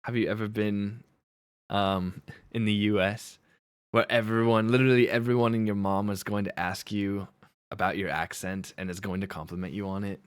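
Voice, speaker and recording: A man's voice: on the low side, steady tone, moderate pace, smooth, dry recording, clean studio sound. A man streaming live and chatting casually with his viewers. He rambles, corrects himself and laughs often.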